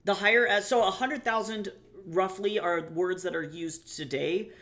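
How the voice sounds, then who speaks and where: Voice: mid-range voice, moderate pace, fairly bright tone. Chatty, rambling young streamer. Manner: rambling, chatty, swears casually. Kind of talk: casual live-stream chat.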